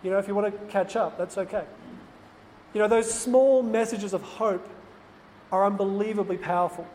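A priest speaks in an earnest, confiding tone, sharing a personal story with lay listeners. His voice sits high for a man. The room rings with a long reverb over a faint background hiss. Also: steady tone, moderate pace, darkish tone. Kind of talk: personal talk to lay people.

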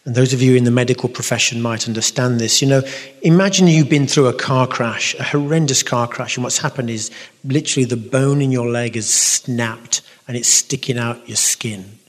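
A man's voice: medium pitch, normal speed, big-room sound. A man with a London accent gives a Catholic talk and answers audience questions in an earnest, direct way, often restarting his sentences and poking fun at himself. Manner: earnest, direct, self-mocking, frequent restarts. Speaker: Catholic speaker.

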